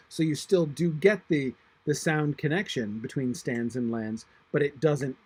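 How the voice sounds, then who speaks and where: A man teaching a literature class, reading verse aloud slowly and thinking aloud with many fillers and restarts. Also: mid-range voice, steady tone, a little mellow, husky. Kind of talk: online class discussion of a poem.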